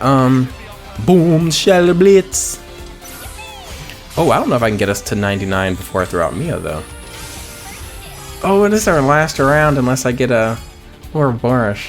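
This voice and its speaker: A man casually commenting on a video game, rambling with crude jokes. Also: lowish voice. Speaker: let's player. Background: game music.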